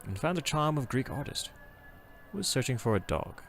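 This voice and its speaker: A male streamer reads game text aloud and chats casually between passages. His delivery is animated and self-correcting, with lively pitch and a gravelly grain. Game music plays behind him. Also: normal speed.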